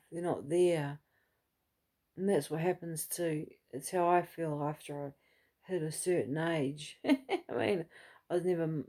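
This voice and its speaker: A woman's voice: sits low, mellow. A middle-aged woman chatting to camera in a rambling, heartfelt way, with many restarts. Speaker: vlogger. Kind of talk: casual chat to camera.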